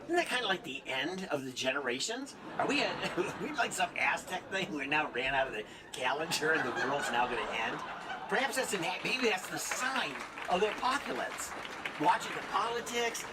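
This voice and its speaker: On stage before a live crowd, this high-pitched comedian rambles through self-deprecating material at a moderate pace, laughing at his own jokes with lively intonation. Club audience sounds and ambient noise fill the background.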